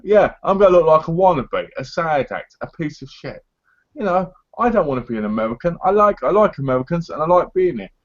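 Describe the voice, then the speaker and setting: A man's voice: on the high side, very animated, a little fast, dull audio. Blunt English man, sweary chat. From England. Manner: blunt, sweary, mock-boastful. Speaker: co-host. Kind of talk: casual live chat. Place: living in America.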